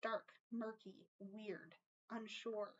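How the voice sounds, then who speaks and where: A woman's voice: medium pitch, fairly even intonation, extremely slow, dull audio. A woman giving a casual tarot reading to her viewers, earnest and emotional, often checking in with "okay?" and swearing casually. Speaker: tarot reader.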